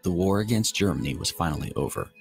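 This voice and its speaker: Male narrator, very deep, gravelly, scripted documentary narration, music bed. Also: expressive, fast talker. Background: background music.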